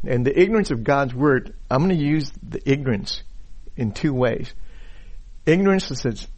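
A man's voice: medium pitch, lively intonation, normal speed, darkish tone. Man teaching a Bible lesson. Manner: many repeated words and restarts, stressed key words. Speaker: preacher teaching scripture. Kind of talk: sermon-style Bible teaching. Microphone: uses a pointer and slides.

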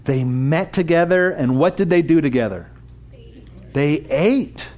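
A man's voice: a little high, unhurried, darkish tone, dull audio. Conversational man preaching to a conference. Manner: conversational, asks the audience questions. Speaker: conference speaker. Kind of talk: interactive church talk.

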